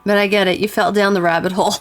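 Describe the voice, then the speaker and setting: This woman streams a game with casual, giggly commentary, laughing and reading dialogue aloud in a playful way. Her mid-range voice is quick and flat in delivery, and faint music plays underneath.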